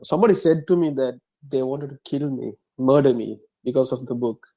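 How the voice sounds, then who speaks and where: A young man from Sri Lanka, an author answering interview questions casually, soft-spoken and halting. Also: mid-range voice, poor audio. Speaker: author guest.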